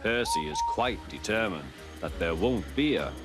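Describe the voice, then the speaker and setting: A man narrating a children's storybook tale in a gentle, lively manner. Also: low voice, moderate pace. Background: background music.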